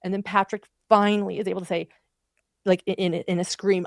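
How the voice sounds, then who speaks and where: A woman's voice: mid-range voice, flat delivery, a little fast, vocal fry, no room sound, clean studio sound. A woman commentating on a trial, recounting events in vivid, emotional detail. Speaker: true crime commentator.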